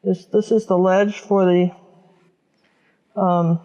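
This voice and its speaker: Slow and level, a woman with a lowish, dark voice teaches a step-by-step painting lesson, talking casually and musing aloud while she paints. The recording's highs are cut off.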